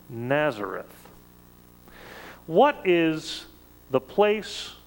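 A man preaching a sermon in a measured, conversational way, with emphatic rises on key words. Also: on the high side, vocal fry, long reverb tail, low-quality recording.

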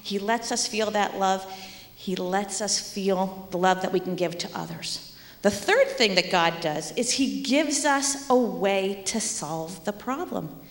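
A woman teacher giving a children's message at church, speaking animatedly to kids and sometimes dropping to a soft whisper. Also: medium pitch, unhurried. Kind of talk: children's sermon. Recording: echoey hall.

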